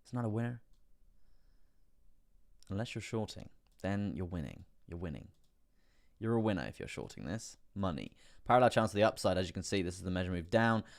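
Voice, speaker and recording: Man, very deep voice, casual livestream host, chatty, laughs a lot, repeats himself. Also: lively intonation, quick pace, creaky. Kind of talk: casual live chart analysis.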